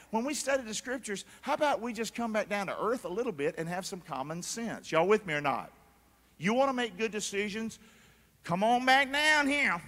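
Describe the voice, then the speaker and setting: A man preaching a lively sermon, calling out to the congregation for answers and mimicking foolish people. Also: high voice. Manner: energetic, calls for crowd response; mocking voices for foolish people. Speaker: pastor. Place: large church hall. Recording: long reverb of a big church hall.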